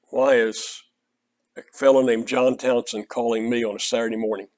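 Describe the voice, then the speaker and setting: A man's voice: mid-range voice, level tone, moderate pace, darkish tone. An older man with an Oklahoma Southern accent, preaching an earnest, conversational sermon that is built around a personal story. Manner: earnest, conversational, quotes others in dialogue.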